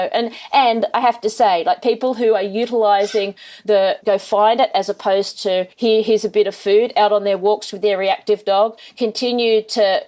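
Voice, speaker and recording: A woman dog trainer talks through her methods in a loose, rambling podcast conversation. She is animated and keeps breaking into quoted voices, and her voice sits at a mid pitch. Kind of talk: casual podcast interview.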